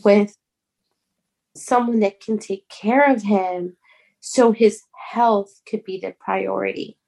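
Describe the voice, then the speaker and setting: Young woman, earnest and halting, plain middle voice, heartfelt storytelling. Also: mid-range voice, fairly even intonation, creaky, mellow. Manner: halting, restarts words, earnest. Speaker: guest. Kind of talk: emotional personal storytelling.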